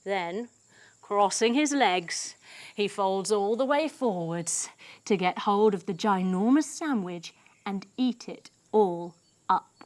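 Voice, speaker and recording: A woman's voice: mid-range voice, takes it slowly. A young adult woman teaching yoga to children through a story, playful and sing-song, adding silly sound effects. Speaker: kids yoga instructor.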